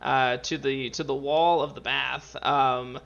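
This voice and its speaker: A man narrating as game master of an online tabletop game, with a bright, gravelly voice. He rambles through his descriptions and often stops to restart a sentence. His stream audio is a little dull and lo-fi. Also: medium pitch, steady tone, slow pace. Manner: rambling, full of fillers and restarts.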